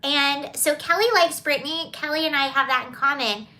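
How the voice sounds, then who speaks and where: This livestream host is a young Georgia woman with a Southern accent whose voice is high, pushed and bright, moving at a moderate pace. She chats casually and reads viewer comments, digressing and laughing along the way.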